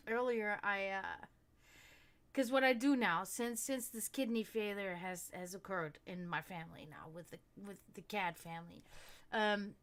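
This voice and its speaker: A woman's voice: mid-range voice, pushed and bright. A woman hosting a livestream, chatting casually and rambling, swearing often and laughing a lot. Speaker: stream host.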